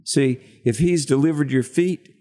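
A man's voice: on the high side, measured pace, warm tone. A man co-hosting a Bible study discussion, reading scripture and drawing out its meaning in a preacherly way. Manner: preacherly, asks questions of co-host. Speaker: Bible teacher co-host.

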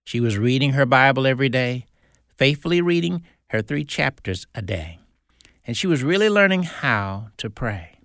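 A man's voice: mid-range voice, expressive, moderate pace, a bit bright, dry recording, studio quality. A man hosting a Christian radio show, telling a story in an earnest, folksy way.

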